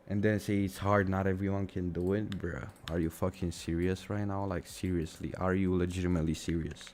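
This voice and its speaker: A man's voice: deep voice, little pitch movement, brisk, few pauses, darkish tone, a little hiss or hum. A young man ranting on a casual live stream, exasperated and sarcastic, swearing and calling everyone "bro", with his mic right at his mouth. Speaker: livestream trading streamer.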